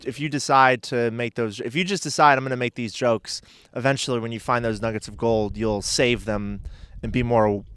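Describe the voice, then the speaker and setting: A man's voice: mid-range voice, steady tone, moderate pace, a bit bright, clear, resonant tone, no room sound. A man chatting casually as a podcast guest, rambling and hesitant with lots of filler words.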